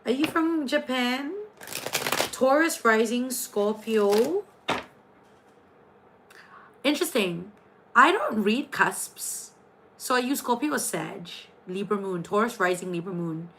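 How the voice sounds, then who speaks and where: A woman with a slightly high voice chats playfully through a livestream, reading out astrology signs for viewers. She hops quickly from comment to comment. A faint hiss of background noise sits under her voice. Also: expressive. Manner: chatty, playful, jumps between comments. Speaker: livestream tarot and astrology reader.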